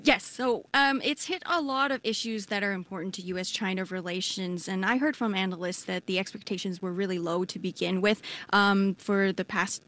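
Measured female foreign correspondent. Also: mid-range voice, a bit bright. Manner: measured explaining, frequent uh and um. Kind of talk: radio news interview. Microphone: remote line with delay.

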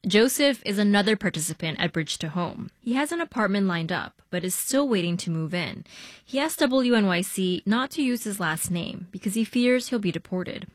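A woman reading a radio news report in a measured, even way. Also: mid-range voice, dry recording. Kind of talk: scripted news narration.

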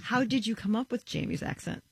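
A woman hosting a radio interview show, talking in a lively, conversational way with an easy sense of fun. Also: on the high side, a little fast, vocal fry, breathy edge, no echo. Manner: lively, conversational, plays up surprise.

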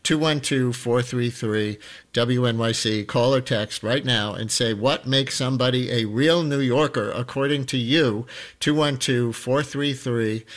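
A man hosts a call-in radio program from a studio microphone. His voice sits at an ordinary middle pitch. He talks in a steady conversational flow and stretches out phone numbers slowly and emphatically. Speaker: radio host.

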